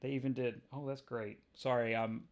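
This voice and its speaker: A man hosting a casual comic book review, excitable and rambling as he nerds out. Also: medium pitch, moderate pace. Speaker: comics video host.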